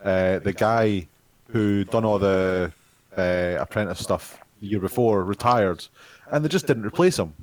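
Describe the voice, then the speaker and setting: A young Scottish man rants casually to his friends in a fairly low voice, swearing freely. His tone stays exasperated and informal. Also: a little slow. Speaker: tabletop game player. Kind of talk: casual chat.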